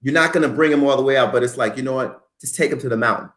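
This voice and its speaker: A man hosting a show, coaching his guest on how to tell her story, acting out example lines and dropping to a hush for effect. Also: medium pitch, very fast, reverberant. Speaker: host.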